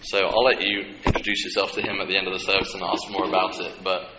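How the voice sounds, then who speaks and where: A man preaching a sermon, animated and humorous, with asides to the congregation. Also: sits low, fast talker. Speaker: pastor. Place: church hall. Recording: echoey hall with dull lo-fi sound and clear noise.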